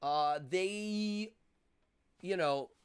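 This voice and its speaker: A man's voice: high-pitched, extremely slow, clear, resonant tone. Rambling, opinionated male livestream host. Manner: rambling, opinionated, with frequent fillers and restarts. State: out of breath. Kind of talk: casual livestream chat.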